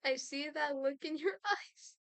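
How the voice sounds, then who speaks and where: A woman's voice: high voice, vocal fry, no echo. A woman playing an obsessive, possessive girlfriend. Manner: slow, intimate and menacing.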